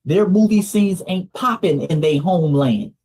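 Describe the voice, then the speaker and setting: A man hosts a commentary show, pressing his points hard and calling the audience family. His voice sits a little high and comes out husky. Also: animated, moderate pace, darkish tone. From Atlanta, Georgia, US. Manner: preachy, emphatic, calls listeners family. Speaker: host. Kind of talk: commentary podcast.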